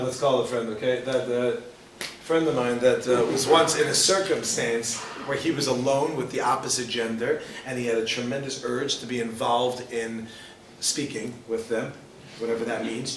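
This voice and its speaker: A man's voice: on the high side, a bit bright, slight background noise. A male rabbi teaching a class to a live audience, joking and firing questions at the listeners. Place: lecture hall with audience. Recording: roomy, distant mic, faint ambience.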